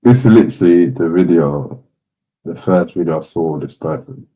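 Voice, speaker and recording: A man hosts a loose, chatty commentary, reacting to clips and laughing along. His voice sits low and dark, mellow rather than bright. He swears casually and keeps it relaxed. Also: normal speed, rough recording. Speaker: host reacting to videos.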